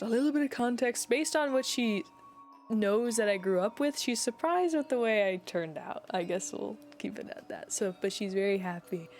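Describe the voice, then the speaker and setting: A young woman streamer chatting with her viewers in a loose, rambling way. Her voice sits at an ordinary middle pitch, and she sounds heartfelt as she circles back on her words. Soft music plays faintly behind her. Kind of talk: casual chat with viewers.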